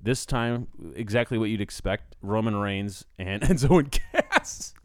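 A man's voice: on the low side, measured pace, no echo, studio quality. Sarcastic, laughing man in casual chat. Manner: animated, sarcastic, laughs often. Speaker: podcast co-host.

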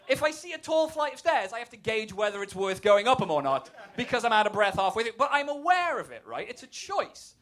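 High, lively-voiced English comedian. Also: male voice, fast talker. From England. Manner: wry, self-deprecating, profane humor. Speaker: stand-up comedian. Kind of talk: stand-up set and casual interview.

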